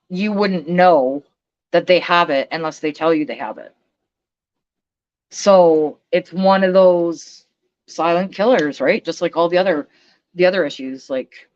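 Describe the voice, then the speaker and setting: A woman's voice: lowish voice, a little mellow. Woman ranting on her stream, blunt, swears a lot, kinda muffled audio. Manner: blunt, profane, emphatic. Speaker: vlogger. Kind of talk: casual livestream rant.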